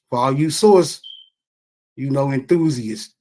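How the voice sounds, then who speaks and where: A man's voice: medium pitch, fairly quick. A man reading from a historical source on a livestream, reading in spurts with casual asides.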